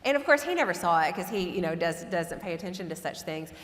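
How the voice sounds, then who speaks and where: A woman telling a personal story in a relaxed, self-deprecating lecture style, laughing often. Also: fairly low pitch, fast talker. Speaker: guest lecturer and author. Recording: echoey hall reverb.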